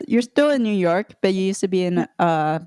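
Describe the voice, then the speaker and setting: A woman co-hosting a podcast, asking questions in a relaxed, casual way. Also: medium pitch, normal speed, clear, resonant tone, no room sound, studio quality. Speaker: podcast co-host. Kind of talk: casual chat.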